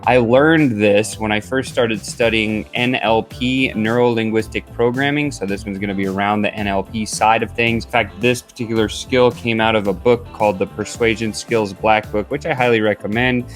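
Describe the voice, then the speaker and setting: A man hosting an upbeat sales coaching vlog, talking in an energetic, chatty way with frequent fillers. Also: lowish voice, moderate pace, hardly any pauses, faint music behind.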